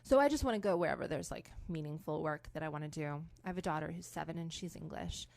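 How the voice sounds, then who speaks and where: A woman in her thirties from Canada, a comedian guest on a radio show, talking in a dry, deadpan way. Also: low-pitched, quick pace, creaky, no room sound. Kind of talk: casual interview.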